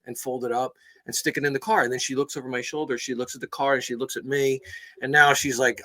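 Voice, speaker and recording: A man co-hosting a podcast, telling a story in casual chat, animated and laughing as he acts out both sides. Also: mid-range voice. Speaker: podcast co-host.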